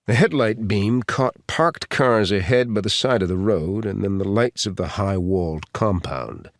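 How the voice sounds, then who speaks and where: A man reading a thriller audiobook in an expressive, dramatic manner. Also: fairly low pitch, measured pace, few pauses, no room sound, studio quality. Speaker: audiobook narrator. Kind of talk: scripted thriller narration.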